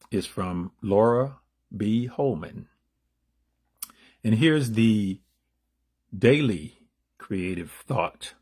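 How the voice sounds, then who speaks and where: Slow, husky-voiced man reading meditations. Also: animated. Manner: unrehearsed, loose asides between readings; reads passages louder and higher, asides dropped low and quiet. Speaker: spiritual reader. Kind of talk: casual reading of daily spiritual meditations.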